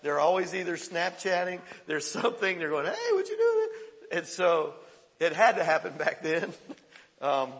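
A man preaching a sermon as pastor, lively and conversational, with sudden bursts of excitement. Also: a little high, normal speed, big-room sound.

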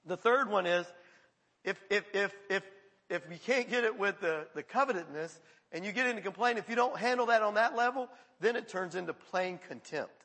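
A male pastor preaches in a relaxed, chatty way and slips into quick acted voices. His voice is high and bright with a husky edge. It rings out with a long hall reverb. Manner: conversational, acts out quoted voices, laughs often. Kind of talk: sermon.

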